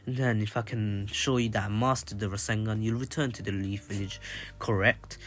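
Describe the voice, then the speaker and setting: A brash teenage boy ninja, cocky and taunting, as a man reads his lines in an anime retelling. The voice sits a little lower and softer than plain talk, with a faint bed of music underneath. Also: fairly even intonation, moderate pace, natural voice. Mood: bargaining.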